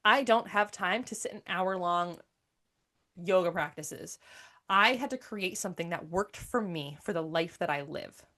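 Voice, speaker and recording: A woman's voice: lowish voice, unhurried, sharp tone. A woman in her thirties talking candidly as a podcast host, emphatic and swearing freely, often repeating her phrases. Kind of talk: candid monologue.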